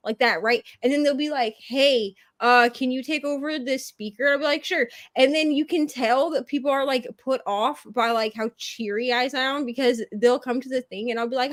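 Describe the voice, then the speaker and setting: A woman with a high voice chats on a reading livestream, spinning a story and playing out the voices of other people. The sound is dry and close, like a video call. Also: normal speed, no room sound. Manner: chatty storyteller, acts out customer voices. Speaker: channel host. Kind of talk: casual chat on a reading livestream.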